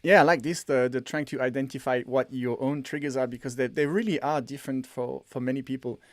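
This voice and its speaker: A man with an average-pitched voice co-hosts a casual podcast. He tells personal stories in an animated way and often restarts his sentences. The sound is close and dry, with no room echo. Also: a little fast. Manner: animated storytelling with frequent restarts. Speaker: podcast co-host, developer.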